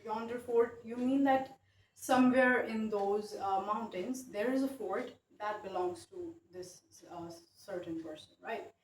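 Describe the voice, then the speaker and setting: A woman's voice: mid-range voice, a little slow, slight background noise. A woman teaching a grammar lesson, explaining patiently with many fillers and tag questions. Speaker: English teacher. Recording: echoey room, mic at a distance, faint ambience.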